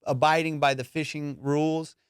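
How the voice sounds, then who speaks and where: Animated, profane male comedian telling stories. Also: fairly high pitch, normal speed, clean tone, no room sound, clean studio sound. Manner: animated and profane, with lots of fillers. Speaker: podcast host and comedian. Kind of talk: casual comedic storytelling.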